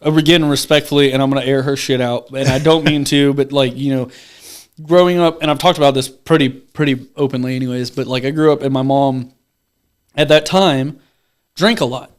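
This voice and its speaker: A man's voice: medium pitch, steady tone, fairly quick, clear, resonant tone. A young man hosting a podcast, chatting casually, rambling and swearing freely. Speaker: podcast host. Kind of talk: casual chat.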